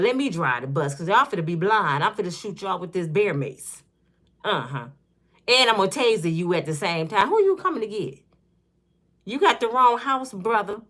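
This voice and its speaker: In her own casual commentary vlog, a woman in her fifties clowns around and plays out small scenes along the way. Her voice has a medium pitch and a bright, forceful tone.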